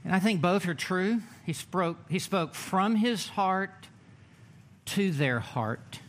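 A man preaching a sermon in a church, emphatic, with dramatic pauses and drawn-out words. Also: high-pitched, fairly bright tone. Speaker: pastor.

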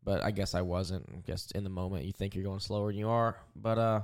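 Laid-back lower-voiced man chatting. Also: steady tone, brisk. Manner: laid-back, rambling storytelling with fillers. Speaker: podcast co-host, race car driver. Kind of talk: casual chat.

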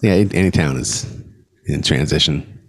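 A man's voice: a bass voice, normal speed, no room sound. Rambling, enthusiastic male podcast host. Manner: rambling, enthusiastic, restarts often. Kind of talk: casual chat.

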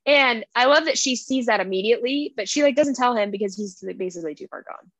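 A woman's voice: fairly high pitch, fast, no echo, highs cut off. A young woman co-hosting a book podcast, recapping a story in casual chat and acting out the characters' lines. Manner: animated retelling with playful quoted voices. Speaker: podcast co-host.

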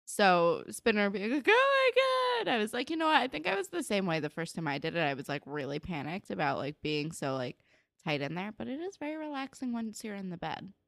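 A woman's voice: on the low side, big pitch swings, no room sound, clean studio sound. Chatty young woman from New Jersey. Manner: chatty, lots of "like" and "um", quick asides. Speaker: podcast co-host. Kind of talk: casual chat recapping a TV episode.

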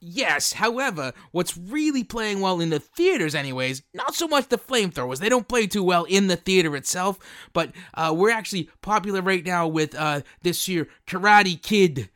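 A man's voice: sits high, very animated, a bit bright. A man doing a rambling, scheming film producer. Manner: rambling, halting with many fillers. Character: scheming male film producer, sleazy and eager. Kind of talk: improvised comedy sketch.

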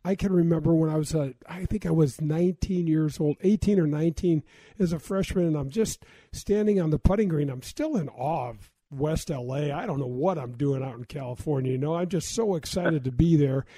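Brief: host in his 60s, lively storyteller, high soft voice. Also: fairly quick, dry recording. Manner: excited, animated storyteller. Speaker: podcast host, golfer. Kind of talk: casual interview storytelling.

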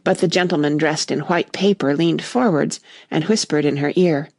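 A woman narrating a classic children's story in a lively, expressive reading voice. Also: low voice, moderate pace, creaky, few pauses, dry recording, studio quality.

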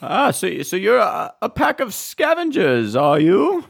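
A player voicing a stammering, gravelly peasant hireling. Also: medium pitch, wildly swooping pitch, full character voice. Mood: hesitant. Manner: halting, stammering, overly formal. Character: nervous bumbling peasant hireling.

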